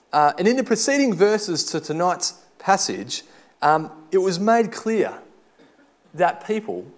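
A middle-aged man gives an informal sermon. His voice sits a little high for a man. He tells stories in a loose, animated way and pokes fun at himself. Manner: chatty, self-deprecating, animated storytelling. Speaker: preacher.

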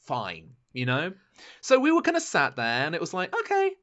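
A British man chatting casually as a podcast co-host, animated and theatrical with frequent swearing. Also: on the high side, normal speed, muffled recording. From Britain. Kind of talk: casual chat.

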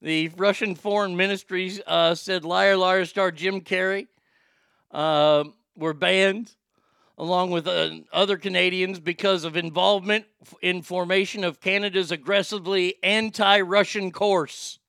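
A man hosting a podcast in a loud, mocking, casual comedic style, laughing at his own jokes. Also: sits high, steady tone, unhurried, vocal fry, clean tone, no room sound, clean studio sound. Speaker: podcast host.

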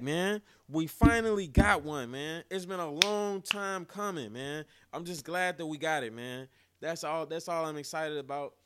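A young man hosting his own sports podcast, talking casually and excitedly, cursing often and tossing in "man" and "yo" again and again. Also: fairly high pitch, measured pace, clear, resonant tone, no room sound, clean studio sound. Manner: excitable, animated, swears freely, repeats "man" and "yo". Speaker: podcast host.

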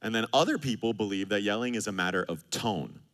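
A man in his thirties preaching a sermon, animated and joking, acting out quoted arguments. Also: lowish voice, brisk. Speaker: pastor.

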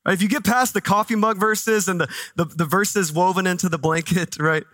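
A man preaching a sermon as pastor, conversational and animated, dropping low and soft for reverent moments. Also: fairly quick, no room sound. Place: church.

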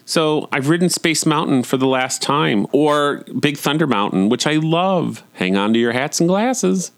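A man telling casual stories from home as a podcast host, chatty and campy, often jumping up into high, excited swoops. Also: a little slow. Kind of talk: casual storytelling monologue.

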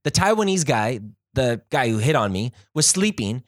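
A man's voice: mid-range voice, very animated, moderate pace, no echo, clean studio sound. A young man chatting casually as co-host, telling a story with apologetic, self-deprecating asides.

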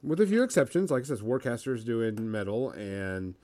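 A man's voice: mid-range voice, moderate pace, mellow. Rambling man hosting a hobby chat. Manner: rambling, many fillers. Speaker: podcast host.

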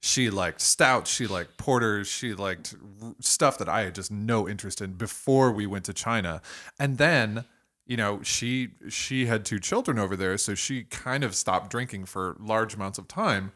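A man's voice: on the low side, normal speed, a bit bright. A man hosting a podcast from a dining room, telling stories in a rambling, self-interrupting way. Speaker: podcast host. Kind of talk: casual chat. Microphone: recording at a dining table.

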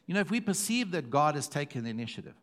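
A middle-aged man preaching, his voice sitting a little high for a man. He repeats words for weight and drops to a hush before climbing back to a loud call. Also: very animated, racing. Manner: emphatic, repeating phrases, swings from hushed to loud. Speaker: pastor. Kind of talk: sermon.

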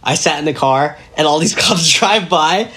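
A young man telling a story casually as a podcast guest, animated and laughing as he acts out what people said. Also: on the high side, moderate pace.

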